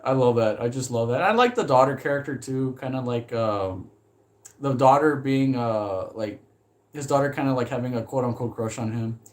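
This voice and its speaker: A man chatting casually on a live stream about films he loves, rambling with lots of "like" and swearing when he gets excited. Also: mid-range voice, normal speed.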